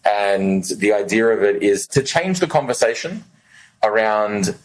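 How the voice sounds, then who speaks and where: A man's voice: fairly low pitch, a little slow, poor audio. A man with an Australian accent hosting a podcast, bantering and laughing often. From Australia, also New Zealand and Los Angeles. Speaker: podcast host. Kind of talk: casual interview chat.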